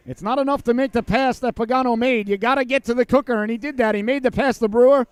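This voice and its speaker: A man calling a youth hockey game play by play, folksy and joking, who breaks into shouts on big plays. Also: extremely high pitch, a little fast, clean tone, dry recording. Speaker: play-by-play commentator.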